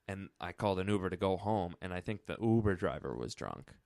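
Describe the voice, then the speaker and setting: A man's voice: low-pitched, expressive, a little fast, gravelly, a little mellow, no room sound, clean studio sound. A young man co-hosting a podcast, telling a rambling story in casual chat and swearing freely. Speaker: podcast co-host.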